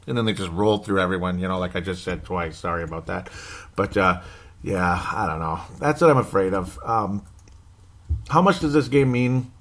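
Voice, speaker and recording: A man's voice: on the low side, fairly quick. A man gives casual solo sports commentary as a podcast host, rambling and correcting himself, anxious and wry with frequent chuckles.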